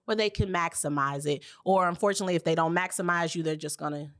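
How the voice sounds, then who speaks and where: Woman podcast host, lots of yes and i love that, lower pitch. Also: quick pace, fairly bright tone. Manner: enthusiastic, affirming. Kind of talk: casual interview chat.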